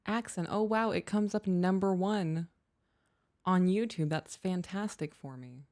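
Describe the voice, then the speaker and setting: A woman's voice: fairly low pitch, a little slow, darkish tone. A woman co-hosting a podcast live stream, chatting casually in a playful, giggly, self-mocking way. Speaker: podcast co-host.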